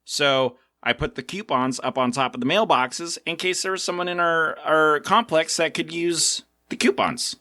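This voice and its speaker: A middle-aged man from South Africa co-hosting a podcast, telling stories in a casual, animated way and acting out the voices of the people in them. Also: a little high, normal speed, few pauses, dry recording, clean studio sound. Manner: animated storyteller, acts out quotes. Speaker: co-host.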